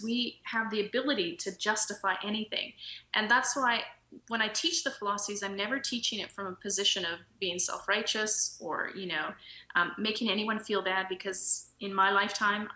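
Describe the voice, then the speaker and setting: A woman guest tells stories in a casual interview, laughing easily and slipping into quoted dialogue. Her voice is bright and forward. The room around her has a noticeable echo. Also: medium pitch. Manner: storytelling, laughs often, acts out quoted dialogue. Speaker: podcast guest, nutritionist. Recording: roomy echo.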